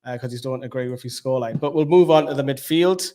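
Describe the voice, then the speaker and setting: A man hosting a post-match chat, briskly reading out viewer ratings and moving the talk along. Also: medium pitch, dark tone. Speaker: host reading viewer comments.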